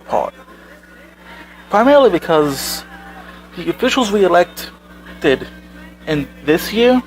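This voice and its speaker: Male commentary host, slightly high voice, sarcastic and exasperated, faint music underneath. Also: poor audio. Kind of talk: reading and reacting to posts.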